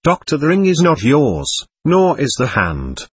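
Man reading a patient doctor talking a ghost through it, husky, dry close sound. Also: on the high side, wildly swooping pitch, unhurried, dry recording, heavily acted. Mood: calm. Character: calm male doctor guiding spirits. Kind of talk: reading a séance transcript aloud.

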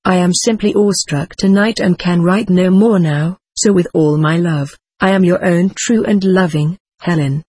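A reader voicing Helen, a loving female spirit writing to her husband, reading channeled spirit letters aloud in a tender, measured way. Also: mid-range voice, darkish tone, slightly rough, no echo, natural voice.

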